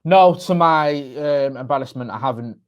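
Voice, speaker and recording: A young English man co-hosting a podcast, trading quick, teasing, sweary banter. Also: mid-range voice. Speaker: podcast co-host. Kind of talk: casual chat.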